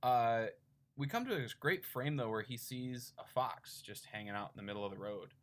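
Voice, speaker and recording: A man's voice: mid-range voice, lively intonation, moderate pace. Rambling man recapping a comic. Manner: rambling retelling with fillers and laughs. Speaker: podcast co-host. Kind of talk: casual comic book review chat.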